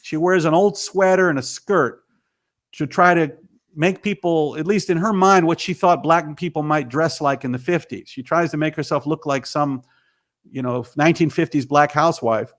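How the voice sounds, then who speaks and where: Emphatic man with a fairly high voice. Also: moderate pace. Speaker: guest, filmmaker and author. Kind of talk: interview answer, storytelling.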